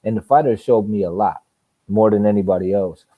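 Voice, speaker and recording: A man hosting a live boxing chat, telling animated, profane stories and acting out punches with sound effects. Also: lowish voice, a little fast, no room sound, phone-quality sound. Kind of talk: casual storytelling chat.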